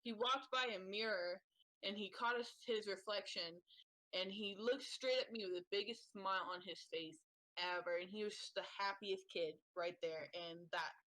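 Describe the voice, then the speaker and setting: A woman on a parenting podcast, telling heartfelt stories about her son in an animated way. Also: lowish voice, dry recording, poor audio. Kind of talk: casual chat.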